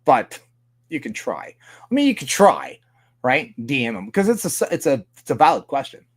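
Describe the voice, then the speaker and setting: A man's voice: mid-range voice, very animated, normal speed, slightly rough. A man with a Canadian accent hosting a livestream, ranting casually with heavy swearing and frequent laughs. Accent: Canadian English. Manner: profane, ranting, laughs often. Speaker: livestream host.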